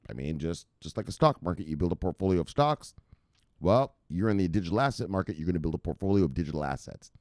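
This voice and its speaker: A man's voice: low-pitched, animated, quick pace, darkish tone, no room sound, clean studio sound. A man hosting a crypto news show, giving hyped and profane casual market commentary straight to his viewers.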